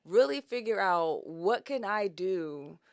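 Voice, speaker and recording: Animated woman telling a story. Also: medium pitch, slow pace, clear, resonant tone, no room sound, studio quality. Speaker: podcast guest, mushroom grower. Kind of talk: casual storytelling chat.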